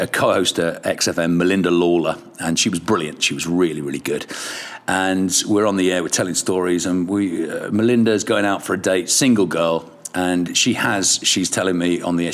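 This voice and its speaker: A man's voice: sits low, normal speed. A middle-aged man, a radio presenter and podcast guest, telling casual, self-deprecating stories. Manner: animated, self-deprecating storyteller.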